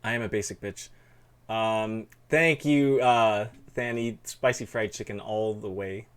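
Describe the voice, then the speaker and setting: A man's voice: on the low side, steady tone, unhurried, clear, resonant tone. A man hosting a live stream, chatting in a rambling, casual way and reading chat aloud. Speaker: streamer host.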